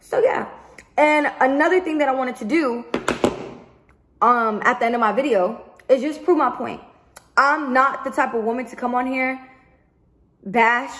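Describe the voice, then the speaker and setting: A woman vlogger in a heated storytime rant to camera, swearing often and repeating herself for emphasis. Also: fairly high pitch. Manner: profane, emphatic, repetitive venting.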